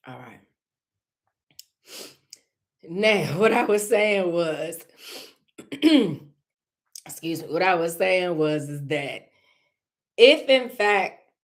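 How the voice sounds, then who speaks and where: A woman hosting a casual live stream, talking candidly to viewers in a loose, conversational way and often clearing her throat. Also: lowish voice, lively intonation, extremely slow, long pauses.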